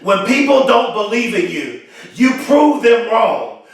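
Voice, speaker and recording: A man with a high-pitched voice gives a fervent motivational speech and repeats key phrases for emphasis. He sounds excited and emphatic. The sound bounces around a very echoey space, with the mic set well back from him. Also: a little slow. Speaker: motivational speaker. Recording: very echoey, mic far from speaker.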